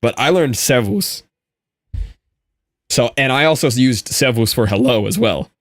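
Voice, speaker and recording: A man's voice: mid-range voice, expressive, measured pace, no echo, clean studio sound. A young American man chatting casually while gaming, explaining things loosely with lots of "like"s. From United States. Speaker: gaming streamer.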